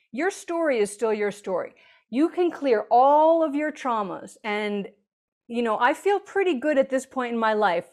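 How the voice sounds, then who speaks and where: A woman author as an interview guest, explaining earnestly and now and then acting out quoted voices. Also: fairly high pitch. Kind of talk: conversational interview.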